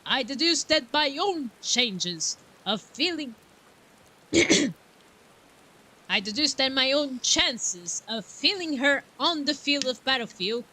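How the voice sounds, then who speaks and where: A woman doing a pompous gentleman inspector. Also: sits high, lively intonation, takes it slowly, voice pushed up, exaggerated voice. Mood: grandiose. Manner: grand and formal. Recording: game music underneath.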